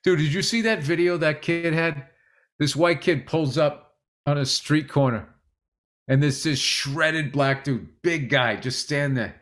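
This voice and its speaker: A man's voice: on the high side, measured pace, a bit bright. A man co-hosting a podcast in casual chat, wry and joking, telling stories with lots of animation. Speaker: podcast co-host.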